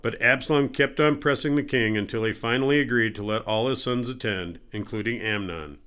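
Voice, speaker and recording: A man's voice: medium pitch, fairly quick, a bit bright, clear, resonant tone. Man reading scripture steadily. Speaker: scripture reader. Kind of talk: daily Bible reading.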